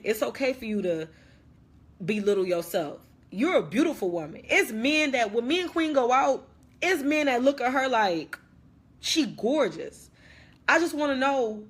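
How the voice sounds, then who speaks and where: A woman's voice: a little high, breathy edge. A young woman playing a dramatic ex-best friend who rambles through a slangy, repetitive rant on a phone livestream. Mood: heated, indignant. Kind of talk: comedic social media live rant.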